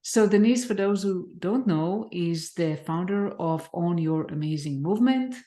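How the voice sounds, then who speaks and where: A woman hosting an interview podcast, welcoming her guest and asking measured questions. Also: lowish voice, lively intonation, warm tone. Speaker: podcast host.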